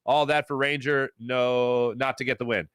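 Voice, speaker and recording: A man hosting a live sports talk show, reading viewer chat in a jokey, animated way and greeting chatters with loud excitement. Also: medium pitch, normal speed, clear, resonant tone, dry recording, studio quality.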